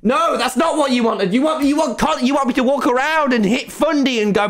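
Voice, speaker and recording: A man streaming a game live, talking to viewers and ranting excitedly at the screen. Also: very high-pitched, a little fast, few pauses. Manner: excitable, exasperated, swears and rants at the screen. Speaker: gaming streamer.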